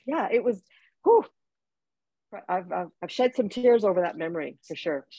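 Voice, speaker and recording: A woman's voice: medium pitch, lively intonation, moderate pace, mellow, husky, no echo, lo-fi sound. A woman from Jamaica, an author guest in an interview, telling personal stories in a heartfelt way with restarts. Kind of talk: interview conversation.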